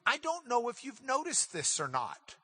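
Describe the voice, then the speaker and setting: Male Bible class teacher, animated and emphatic, repeats words when excited; lively delivery, dry close sound. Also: extremely high pitch, moderate pace, husky, no echo.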